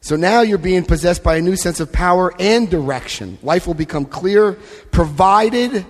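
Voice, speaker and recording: A man's voice: high voice, animated, normal speed. A man speaking at a recovery convention, emphatic and direct, guiding the audience through book pages and checking in with them. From Florida, US. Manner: emphatic, often checks in with "Okay?". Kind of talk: live talk to a convention audience. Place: large convention hall with an audience. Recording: long hall reverb from a live talk.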